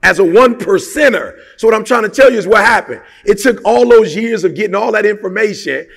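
A man's voice: high-pitched, expressive, a little fast, vocal fry, a bit bright, in a large hall. A man giving a motivational talk, emphatic and colloquial, firing off rhetorical questions. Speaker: motivational speaker.

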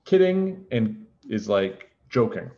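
A man reads a children's book aloud, gently stopping to explain words for young listeners. He speaks slowly with a lively, rising and falling voice. The recording sounds muffled and lo-fi. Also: fairly low pitch. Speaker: teacher reading a storybook aloud.

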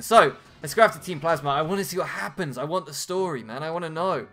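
A man's voice: on the high side, fast, fairly bright tone. A young man chatting self-mockingly as host of a video game playthrough. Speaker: let's play host. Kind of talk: casual gameplay commentary. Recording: game music behind.

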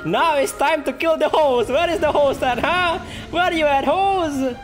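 A streamer giving excitable live gameplay commentary, full of trash talk, laughter, repeated taunts and non-native English grammar. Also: sits high, measured pace, faint music behind. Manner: taunting, repeats short phrases.

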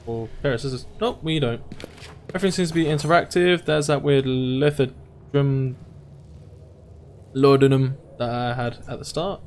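A man's voice: mid-range voice, normal speed, pauses often, a little mellow, a little hiss or hum. A young man, commentating casually while playing a video game, chatty and playful. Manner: chatty, reacting aloud, playful. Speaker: gaming YouTuber. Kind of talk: let's play commentary.

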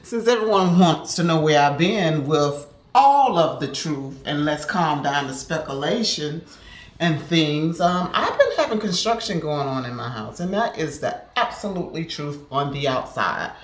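A chatty older woman rambles about her news, her voice rising and falling with lively swings. She sounds like she's in an echoey room, trailing off into ums as she goes. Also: deep voice, normal speed. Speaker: family guest, grandmother. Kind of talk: casual chat.

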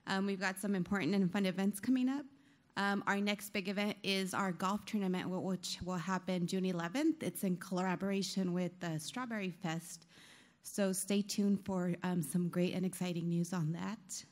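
Chamber president lady doing quick closing thank-yous, lots of ums, kinda out of breath. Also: mid-range voice, fairly even intonation. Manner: upbeat, many fillers, rushing to wrap up. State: a little out of breath. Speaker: chamber of commerce president and CEO. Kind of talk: closing remarks at a business breakfast.

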